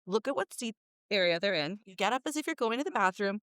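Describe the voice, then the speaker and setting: A woman in a casual panel chat about flying, telling stories in an animated way and imitating sounds. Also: mid-range voice, fast talker, clean tone, dry recording, clean studio sound. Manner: animated storyteller, mimics sounds. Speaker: flight attendant panelist.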